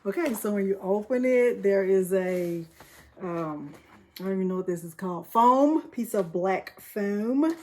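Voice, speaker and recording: A woman hosting a craft channel vlog, chatting excitedly and getting emotional as she thanks her viewers. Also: medium pitch, measured pace, slight background noise. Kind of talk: casual vlog chat.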